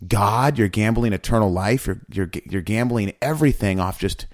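Man, low voice, dry close sound, excitable rambling podcast co-host. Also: normal speed, no echo. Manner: animated, rambling, many restarts. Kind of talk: casual faith discussion.

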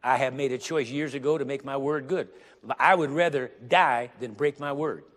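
A man preaching a sermon with emphasis, getting louder and slowing down on the words he stresses. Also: medium pitch. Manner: emphatic, rising to loud stressed phrases, slows down on scripture. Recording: long reverb of a large hall.

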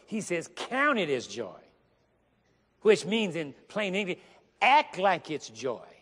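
Man, preacher, sermon, reads scripture slowly, quizzes the congregation, slightly high voice, church reverb. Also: huge pitch swings, fairly bright tone. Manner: emphatic, repeats key phrases, reads scripture slowly; asks the congregation questions. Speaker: guest preacher. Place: church sanctuary. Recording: long hall reverb.

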